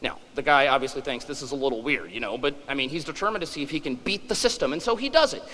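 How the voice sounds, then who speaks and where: A man's voice: medium pitch, lively intonation, fast, pushed and bright, long reverb tail, poor audio. A man in his forties giving a humorous public lecture, wry and self-deprecating. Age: 40s.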